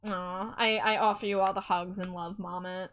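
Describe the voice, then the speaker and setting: A woman's voice: mid-range voice, flat delivery, normal speed, a bit bright, faint music behind. A woman hosting a live stream, chatting casually with viewers and reading their messages in a bubbly, giggly way. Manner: bubbly and giggly, reads chat aloud. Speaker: livestream host. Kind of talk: casual chat with viewers while drawing.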